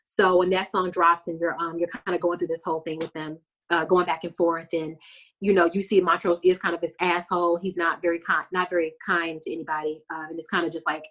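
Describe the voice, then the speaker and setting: Co-hosting a relaxed podcast, a woman retells a TV episode with lively storytelling, performing lines from the show. Her pitch is fairly low and she talks a little fast.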